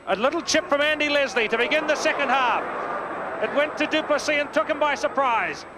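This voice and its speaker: A man giving brisk live rugby play-by-play commentary, lifting his voice on big plays, from a worn old videotape broadcast. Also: very high-pitched. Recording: worn old VHS broadcast with crowd noise.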